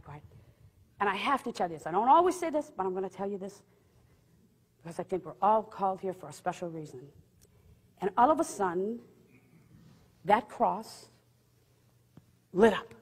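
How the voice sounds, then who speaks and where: A woman giving a lively, humorous faith testimony, acting out what people said as she tells the story. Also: mid-range voice, moderate pace, long pauses, slightly rough. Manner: lively, humorous, acts out quotes. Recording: long hall reverb.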